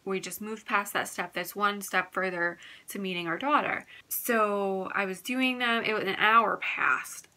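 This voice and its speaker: A woman's voice: mid-range voice, steady tone, a little slow, hardly any pauses, bright, forceful tone. A young woman vlogger telling a personal story in a casual, candid way, often saying "like". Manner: chatty, candid, fills talk with "like".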